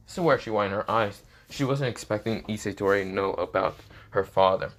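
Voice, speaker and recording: A man spins a fan-fiction tale off the cuff, his voice on the low side. He rambles through fillers and self-corrections as he goes, loose and unscripted. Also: fairly quick. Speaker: storyteller. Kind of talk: improvised fan-fiction narration.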